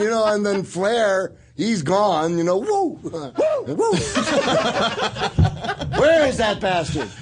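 A man's voice: a little high, noisy background. A man hosting a casual talk show, telling rambling stories and laughing often. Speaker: podcast host and retired wrestler. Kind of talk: casual chat.

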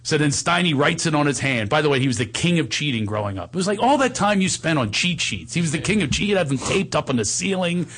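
A man telling a comic anecdote in casual chat, animated and laughing as he goes. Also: on the high side, fast, few pauses, husky. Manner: animated, laughs through his stories.

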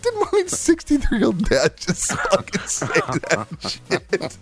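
A man's voice: sits high, huge pitch swings, slow pace, soft background music. A man hosting a casual sports podcast, swearing and laughing a lot. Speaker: podcast host.

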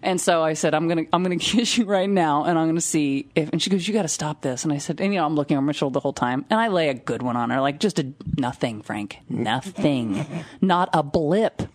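A woman in casual chat, telling a story with lively acted-out quotes and frequent laughs. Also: deep voice, fast talker. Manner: animated storyteller, acts out quotes, laughs often.

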